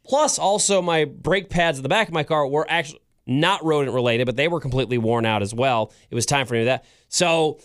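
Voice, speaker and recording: A man co-hosting a podcast, telling a story in a wry, teasing, expressive way. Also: fairly high pitch, brisk, clean tone. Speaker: radio co-host. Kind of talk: casual podcast chat.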